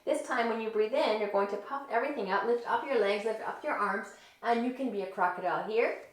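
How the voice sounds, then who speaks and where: Gentle, playful kids yoga teacher. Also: female voice, fairly high pitch, brisk, a little hiss or hum. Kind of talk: guided yoga story for children. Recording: echoey room, distant mic.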